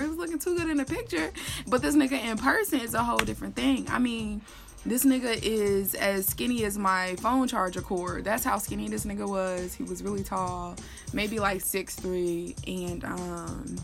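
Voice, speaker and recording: A woman in her early twenties tells a story in a loose, slangy way. She breaks into laughs and loud shouts when she acts out what she said. Faint music plays underneath her voice. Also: medium pitch. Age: 20s. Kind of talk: casual storytime.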